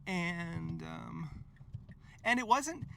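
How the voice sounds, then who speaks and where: A man talks to the camera in a loose, wandering monologue, jumping between thoughts with lots of fillers and the odd curse. His voice sits a little high and has a gravelly fry to it. A faint hiss of noise runs underneath. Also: lively intonation, extremely slow. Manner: meandering, stream-of-consciousness, frequent fillers; swears casually. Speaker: vlogger. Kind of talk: rambling personal monologue.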